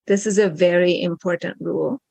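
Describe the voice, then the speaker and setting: Casting: woman teacher, gravelly voice, methodical explainer, dry close sound. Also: fairly low pitch, fairly even intonation, a little fast, darkish tone, no echo. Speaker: guest language teacher. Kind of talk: explaining pronunciation.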